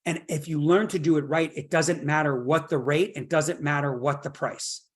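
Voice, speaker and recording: A middle-aged man teaching a real estate workshop in an energetic, motivational way, stacking up repeated phrases and often checking in with "right?". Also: on the high side, moderate pace. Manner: builds points through long repeated phrases.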